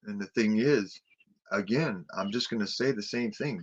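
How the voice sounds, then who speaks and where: A man's voice: on the low side, normal speed, husky. A man ranting with heavy swearing in a casual late-night chat, recorded with dull lo-fi sound. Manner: ranting, profane, emphatic.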